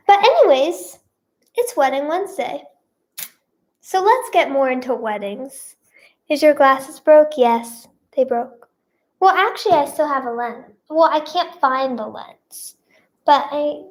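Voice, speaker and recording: A woman's voice: high voice, takes it slowly, pauses often. A teenage girl chatting casually to her viewers, rambling and full of "like" and "yeah" fillers. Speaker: vlogger and singer. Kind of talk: casual storytime chat to camera.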